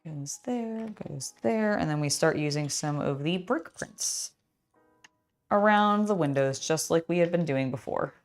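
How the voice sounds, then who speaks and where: A tired young woman chatting casually on a live stream while building, scattered and excitable. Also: low-pitched, a little slow, soft background music. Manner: scattered, excitable, self-talking. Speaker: streamer building a LEGO set.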